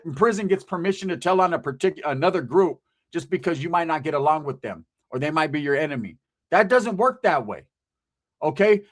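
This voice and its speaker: A man with a fairly high voice talks straight to his audience. He is blunt and emphatic, swears often and uses a lot of street slang. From Southern California. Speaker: channel host. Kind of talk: casual monologue to camera.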